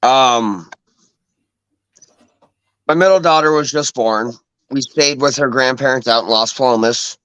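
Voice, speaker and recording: A man hosting a casual podcast chat, telling stories in a rambling, halting way. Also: medium pitch, a bit bright, smooth, dry recording, poor audio. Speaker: podcast host.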